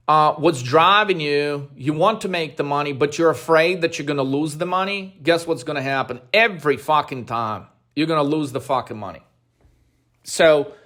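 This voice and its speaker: Swearing, aggressive male trading coach. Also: fairly high pitch. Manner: aggressive, blunt, swears constantly; grows louder and more heated. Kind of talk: profane motivational rant.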